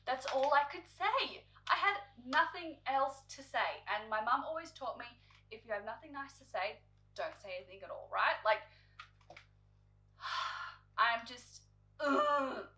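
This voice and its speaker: A woman's voice: high-pitched, expressive, measured pace, bright, forceful tone, rough recording. A young woman in her twenties telling a story to camera as a beauty vlogger, exasperated and chatty, heavy on filler words and acting out quotes.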